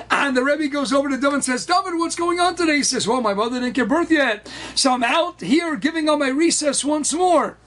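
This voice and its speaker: A man, a rabbi, telling a story in a lively sermon style, who acts out the children's voices and mixes in Hebrew and Yiddish words. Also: extremely high pitch.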